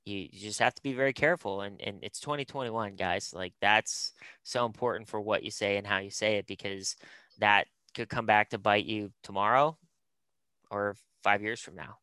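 Low-voiced man giving emphatic advice. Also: fairly even intonation, moderate pace, pushed and bright, clear, resonant tone, no room sound. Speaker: film producer and talent manager, guest. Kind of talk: casual conversational interview.

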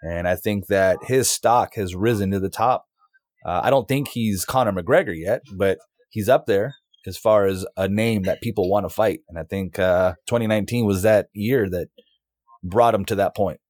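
A man's voice: lowish voice, moderate pace, darkish tone, no room sound, clean studio sound. A man co-hosting a casual sports podcast, giving blunt, confident opinions in short sentences. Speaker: podcast co-host.

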